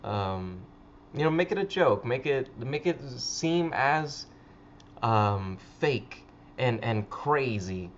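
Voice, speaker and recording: A man's voice: medium pitch, animated, slow pace, muffled recording, a little hiss or hum. A man hosting a casual livestream chat, rambling with frequent stammers and swearing. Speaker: livestream host.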